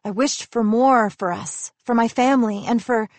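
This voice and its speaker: A woman voicing an earnest, hopeful young heroine in a storybook reading, talking eagerly and apologizing quickly. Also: a little high, no echo, natural voice. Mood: earnest, flustered.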